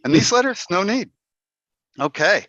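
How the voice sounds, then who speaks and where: Speaking to his Toastmasters club over a video call, this man delivers a humorous, playful talk laced with mock dismay. His voice is high, very animated and unhurried, a bit bright, and the dull, dry call audio has no room sound.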